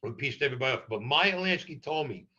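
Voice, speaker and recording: An older man tells stories as an interview guest, blunt and profane. His voice is bright and forceful. The recording sounds a little dull and muffled. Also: medium pitch, fast. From New York. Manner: blunt, profane, animated storyteller. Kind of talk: storytelling in a podcast interview.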